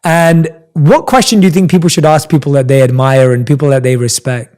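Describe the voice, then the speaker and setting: A man's voice: a little high, steady tone, fairly quick, darkish tone. A man hosting an interview, asking questions in an enthusiastic, reflective way. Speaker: interview host. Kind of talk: conversational interview.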